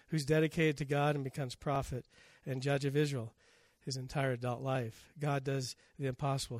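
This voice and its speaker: A man's voice: medium pitch, no echo, studio quality. A man preaching a sermon, telling scripture stories and acting out the quotes. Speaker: pastor.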